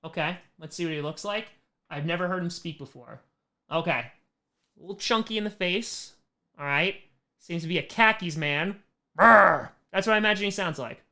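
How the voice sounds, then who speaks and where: A man running a casual livestream Q&A as a comedian, reading questions off the screen and firing back joking answers. His voice is bright and forceful, with a loose, self-mocking manner that often trails into a laugh. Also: sits high. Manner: reads fan questions aloud and answers with quick jokes. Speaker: comedian hosting a fan Q&A stream.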